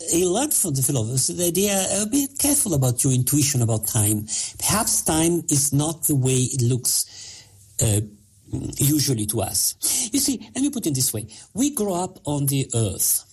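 Husky-voiced man explaining with many pauses. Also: mid-range voice, very animated, darkish tone. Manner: halting, many fillers, explanatory. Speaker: physicist guest. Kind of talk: interview answers.

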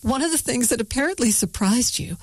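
A woman interviewer asking measured, direct questions. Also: on the high side, animated, darkish tone, husky, no room sound.

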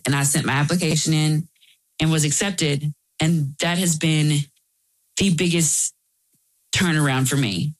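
A woman's voice: low voice, steady tone, a little slow, poor audio. Earnest woman telling her story. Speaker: interview guest. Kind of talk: candid personal storytelling.

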